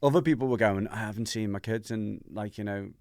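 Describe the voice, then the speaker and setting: Animated man telling a story. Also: fairly low pitch, a little fast, no room sound, studio quality. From Merseyside, England. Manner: animated, acts out voices in his anecdotes. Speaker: podcast host. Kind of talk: candid personal storytelling.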